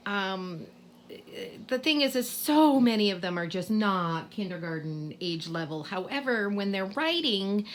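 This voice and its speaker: In a home video for parents, a Boston-accented kindergarten teacher in middle age walks through spelling rules, sounding out each letter with patience. She has a mid-range, slightly bright voice, and there's a little hiss or hum.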